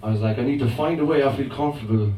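A man's voice: mid-range voice, very fast, mellow. A man with an Irish accent performing comic spoken word rap at a live open mic, chatty and self-mocking. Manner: chatty, self-mocking, laughs between lines. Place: live performance venue with audience. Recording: echoey, distant, noisy live room.

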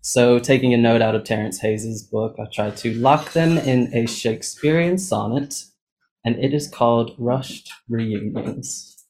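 A man's voice: mid-range voice, a little slow, a little mellow, poor audio. A man introducing his own poems at a reading, hesitant and self-deprecating, with many fillers. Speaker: poet reading his work. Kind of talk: poetry reading.

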